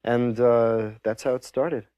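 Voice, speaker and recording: A man comedian reminiscing about his career in a casual, halting way, often restarting his sentences. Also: mid-range voice, steady tone, clean tone, no room sound, dull audio. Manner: halting, with frequent restarts and soft fillers.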